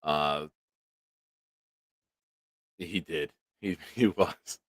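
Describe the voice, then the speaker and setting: A man with a low-pitched voice hosts a casual sports livestream. His sound is dry and close to the mic, and his talk is loose, profane, and quick to laugh. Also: no echo. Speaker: livestream sports show host. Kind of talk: casual live-stream chat, reading viewer comments.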